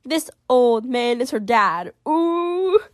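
Brief: high-voiced woman, animated game commentary, giggly, dry close-mic read. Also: creaky, no echo. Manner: chatty and animated, quick reactions, giggly. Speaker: gaming video creator. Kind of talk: casual game commentary, reading choices aloud.

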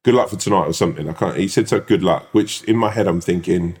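A young man telling an anecdote in casual podcast chat, animated and sweary, acting out the people he quotes. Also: low-pitched, quick pace. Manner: animated storyteller, swears, acts out quoted voices. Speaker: podcast co-host.

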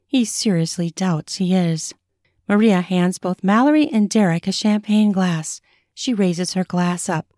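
A woman author narrating an excerpt of her erotic fiction in a measured, sensual reading. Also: lowish voice, warm tone, no echo, studio quality. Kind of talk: audiobook reading.

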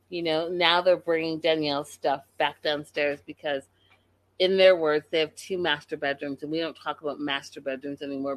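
A woman recapping a reality show in an animated, gossipy way, talking straight to her viewers. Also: deep voice, no room sound.

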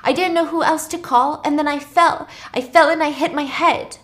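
A woman's voice: high-pitched, fairly even intonation, moderate pace, a bit bright, voice pushed up. A woman voicing a fearful, reclusive woman in a casual retelling, speaking hesitantly and uneasily. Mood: uneasy.

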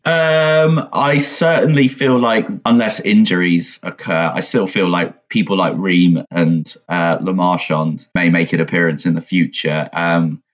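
A man talking football in a halting way, with many fillers and restarts. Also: low-pitched, steady tone, dull audio. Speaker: podcast co-host. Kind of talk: casual football chat.

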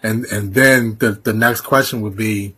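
A man co-hosting a sports podcast, asking questions in a halting, casual way. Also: fairly low pitch, steady tone, sharp tone, breathy edge. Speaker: podcast co-host.

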